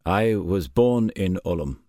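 A man's voice: low-pitched, expressive, slow pace, mellow, no echo, clean studio sound. A man voicing an earnest male German officer who has defected, answering guardedly in an audiobook.

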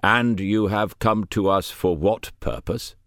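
A man's voice: fairly low pitch, slow, fairly bright tone, no echo. A man voicing a shrewd, rotund male colonel in his sixties, putting dry, probing questions in an audiobook.

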